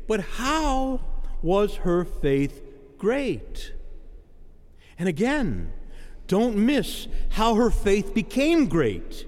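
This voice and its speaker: Male preacher, dramatic sermon cadence, pitch swinging widely, lingering church-hall echo. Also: huge pitch swings, slow, pauses often. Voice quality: dramatic preaching cadence, acting out quoted voices.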